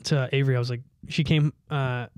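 A man's voice: medium pitch, fairly even intonation, a little fast, clean tone, no room sound. A young man co-hosting a casual comedy podcast, rambling through stories, laughing often and mimicking people in silly voices. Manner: rambling storyteller, laughs a lot, mimics cops in dorky voices. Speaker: podcast co-host.

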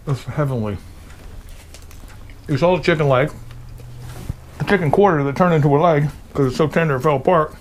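A man's voice: a little high, brisk, pauses often, a little hiss or hum. A man hosting a casual home cooking video, showing off smoked meats and tasting them with eager murmurs of delight. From Pennsylvania. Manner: enthusiastic, tasting and reacting with pleased murmurs.

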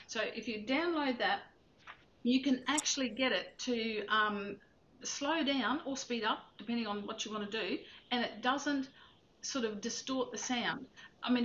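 Bright, chatty woman piano teacher. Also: fairly high pitch. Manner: chatty, rambling, sharing practical tips. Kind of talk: online teaching webinar. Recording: dull lo-fi sound with faint noise.

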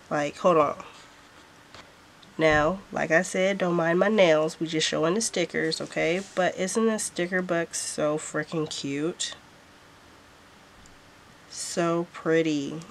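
Slow-talking, gushing woman vlogger. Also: low-pitched, a little hiss or hum. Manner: gushing, repeats "so freaking cute". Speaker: planner vlogger. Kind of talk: casual product haul.

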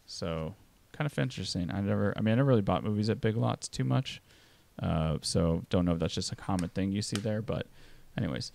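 A man talks through a movie review in a relaxed, rambling way, full of "like" and "um." His voice sits very low with a gravelly fry. The recording is dry and close, with no room echo. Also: fairly quick. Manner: rambling, many fillers. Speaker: podcast host.

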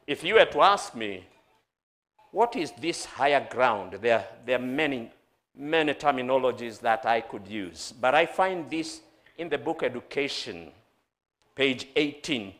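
A man preaching a sermon as pastor, with dramatic calls that rise loud and fall soft. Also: mid-range voice, animated, measured pace.

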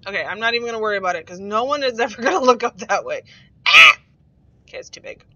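Woman game streamer, bright and animated, rambling and giggly, dull lo-fi stream audio. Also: mid-range voice, fast, no echo. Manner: rambling, giggly, swears freely. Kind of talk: casual chat while playing.

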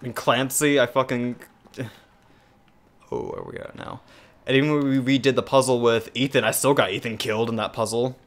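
A young man co-hosting a gaming channel, thinking out loud and swearing freely as he plays. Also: mid-range voice, a little fast. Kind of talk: casual gameplay commentary.

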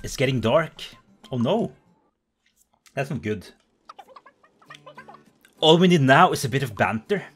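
A man's voice: medium pitch, animated, unhurried, long pauses, breathy edge, soft background music. Goofy let's play guy, voice bouncing all over, silly sound effects. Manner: playful, bubbly, gasps and makes silly sound effects. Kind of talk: casual game commentary.

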